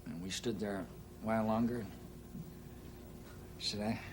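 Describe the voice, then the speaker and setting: A man telling a comic anecdote on stage in an unhurried, halting way with plenty of "uh"s. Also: fairly low pitch, noisy background. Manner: unhurried, halting delivery with many "uh"s. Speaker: stand-up storyteller. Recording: live audience laughter and band music.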